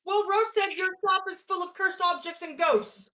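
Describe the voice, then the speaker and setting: A woman's voice: very high voice, moderate pace, bright, forceful tone. A woman playing her character in a tabletop game, joking with playful back-and-forth banter. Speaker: player. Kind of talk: in-character tabletop role-play.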